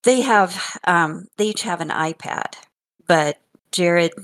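An older woman chatting casually and telling funny stories about her grandchildren, animated and often laughing and repeating words. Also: fairly low pitch, slow pace. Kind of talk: casual chat.

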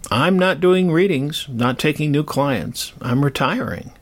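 Speaking a little slowly in a voice on the high side, an older male host rambles through a casual story. He's chatty and self-deprecating as he tells it.

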